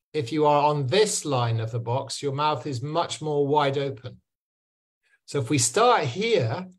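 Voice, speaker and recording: A man with an English accent from England, patiently teaching pronunciation to educators on a video call, repeating words to model them. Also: a little high. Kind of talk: online pronunciation lesson.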